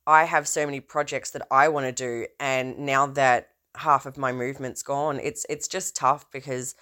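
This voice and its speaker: Low-voiced, theatrical woman podcast host. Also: steady tone, moderate pace, pushed and bright. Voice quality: trained opera singer's low voice. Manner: rambling, self-interrupting, theatrical swings in emphasis. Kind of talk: casual rambling monologue.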